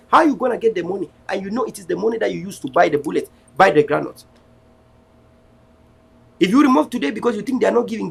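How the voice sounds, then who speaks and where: Speaking in a high, creaky, slightly rough voice, a Cameroonian man hosts an online show. His political address is passionate and defiant, frequently turning preachy, with repeated rallying cries.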